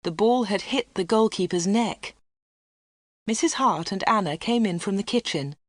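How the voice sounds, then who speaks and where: Female narrator for a learner's storybook, steady clear reading, dry. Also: medium pitch, moderate pace, no echo.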